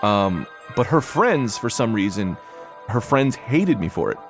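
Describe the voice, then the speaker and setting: A young man from New Jersey tells a personal story in a candid, rambling way, full of fillers, and he acts out what people said. His voice sits low with a gravelly edge. A clear music bed plays under him. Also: very animated, measured pace. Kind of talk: personal story told to a podcast.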